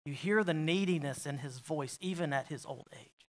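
A male pastor preaching a sermon, asking the congregation repeated questions and swinging between quiet, intimate asides and loud, emphatic declarations. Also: a little high, moderate pace.

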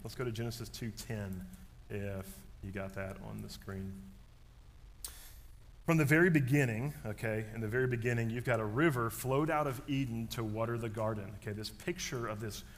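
A man, preaching a sermon and telling a story in an animated way, dropping to a hush and then rising loud. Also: medium pitch, moderate pace. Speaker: pastor.

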